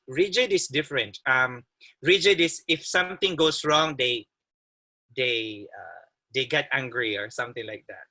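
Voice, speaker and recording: A man's voice: fairly high pitch, bright, forceful tone, rough recording. A man who is an occupational therapist giving a friendly webinar talk over a video call, laughing often and restarting his sentences. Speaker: guest speaker, occupational therapist. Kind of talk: webinar presentation.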